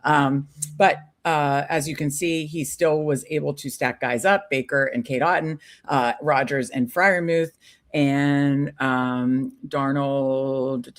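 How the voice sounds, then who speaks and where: A woman's voice: very deep voice, steady tone, takes it slowly. A woman co-hosting a live stream, chatting casually and upbeat with many fillers. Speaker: podcast co-host.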